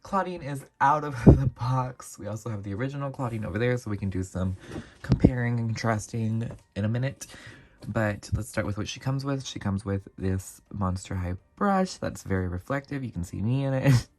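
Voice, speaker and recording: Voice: medium pitch, normal speed, darkish tone. A channel host giving a casual, chatty doll review, rambling with frequent asides.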